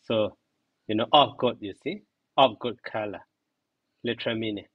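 A man teaching a grammar lesson, repeating each term slowly and giving its meaning. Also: on the low side, husky, no echo, lo-fi sound. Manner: slow, repeats terms and glosses them.

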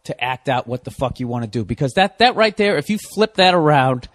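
A man's voice: mid-range voice, animated, a little fast, fairly bright tone. A man hosting a podcast, ranting in a profane, sarcastic, self-mocking comedic monologue. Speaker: podcast host.

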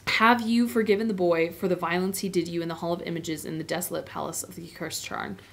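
Woman reading a solemn lion king, measured and grave. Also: on the low side, fairly even intonation, gravelly, fairly bright tone.

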